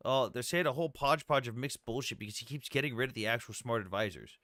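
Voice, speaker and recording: A man hosts a live debate stream and talks fast, with a bright, forceful edge. His speech is blunt and profane. The sound is dry and close, with almost no room echo. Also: medium pitch. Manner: blunt and profane, quick asides. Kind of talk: casual live-stream talk.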